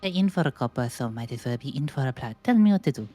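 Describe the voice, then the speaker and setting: A woman playing a tabletop game, making wry, deadpan asides. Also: very deep voice, fast, dry recording, faint music behind. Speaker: player. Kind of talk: casual tabletop game play.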